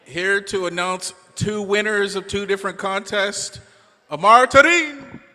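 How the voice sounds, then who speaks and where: A man's voice: sits high, unhurried, pushed and bright, in a large hall, slight background noise. A man emceeing a banquet in a teasing, laughing, casual way. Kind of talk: live emcee banter. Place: large banquet hall.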